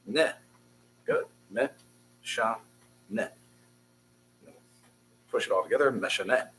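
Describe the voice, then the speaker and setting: A man's voice: lowish voice, slow, a bit bright, a little hiss or hum, poor audio. A man teaching a beginners' Hebrew class, patiently drilling syllables and encouraging his students. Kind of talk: classroom language lesson.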